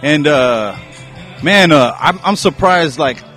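Dude with handheld mic at a beer fest, bit winded, faint band playing. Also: male voice, on the high side, lively intonation, slow pace, fairly bright tone, faint music behind. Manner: loose, profane, chatty. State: a little out of breath. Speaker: podcast host. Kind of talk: casual chat at a beer festival. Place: outdoor festival crowd.

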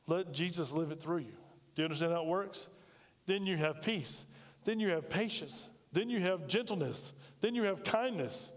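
A man preaching a sermon in a chatty way, full of asides and rhetorical questions. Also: high-pitched. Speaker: pastor. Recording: reverberant hall.

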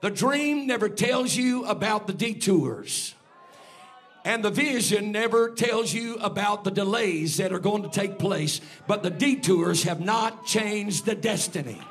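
A man preaching a sermon as pastor, swinging from hushed storytelling to shouted peaks. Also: high voice, expressive, unhurried, faint music behind.

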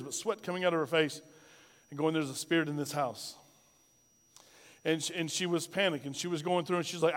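A man's voice: sits high, big-room sound. A male pastor preaching a sermon, asking the congregation rhetorical questions and telling a personal story.

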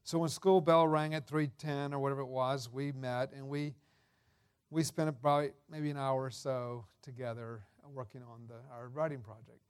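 A man's voice: medium pitch, level tone, normal speed, clear, resonant tone. Folksy older man preaching. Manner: folksy, anecdotal, with filler words and restarts. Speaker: guest preacher. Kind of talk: sermon with personal stories.

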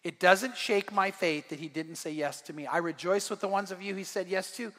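A middle-aged pastor preaches with a high, bright voice, earnest and swelling into fervent emphasis. His words ring through a church hall with a long echo. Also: brisk. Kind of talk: sermon. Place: church sanctuary.

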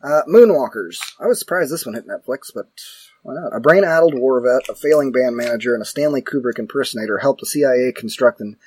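A man with a close, dry-sounding voice, co-hosting a casual movie chat. He reads synopses aloud at a steady clip and drops in deadpan jokes. There is no room sound around him. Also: mid-range voice, quick pace, slightly rough, dry recording. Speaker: podcast co-host.

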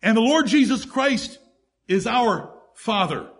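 A man's voice: very high-pitched, big pitch swings, takes it slowly, slightly rough. A male pastor preaching a sermon to his congregation, reading scripture aloud and stressing key words.

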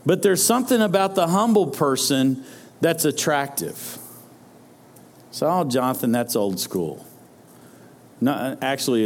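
A man preaching a sermon to his congregation, talking in a loose, conversational way and often stumbling over repeated words as he restarts his sentences. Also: a little high. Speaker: pastor.

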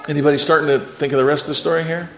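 A male preacher tells a scripture story to his congregation and keeps drawing them in to respond. His voice sits a little high for a man. It rings through an echoey room with a faint hiss underneath. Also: fairly even intonation, rapid-fire. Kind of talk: sermon.

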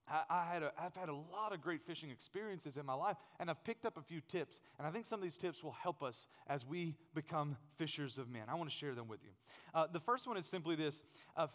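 A man preaching a sermon, telling a funny story in an animated way and acting out the scenes. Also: on the high side. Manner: animated, humorous, acts out scenes. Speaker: pastor. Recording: long hall reverb.

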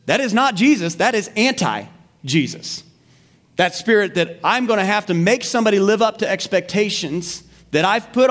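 A male pastor preaching a sermon in an animated way, asking the congregation questions and repeating key phrases. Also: high-pitched. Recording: long hall reverb.

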